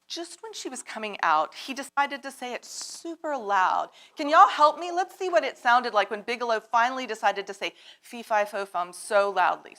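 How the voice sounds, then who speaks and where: A woman reading a picture book aloud to children at a church service, animated and drawing them in with questions. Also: a little high. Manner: animated, asks the children to join in. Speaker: storyteller at a children's time in worship. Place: church sanctuary.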